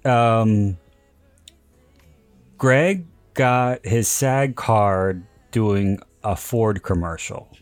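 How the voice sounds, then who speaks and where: A man's voice: on the low side, very slow, dry recording, faint music behind. A man hosting a podcast, telling stories in a casual chat and laughing often as he goes. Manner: chatty storyteller, laughs often. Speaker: podcast host.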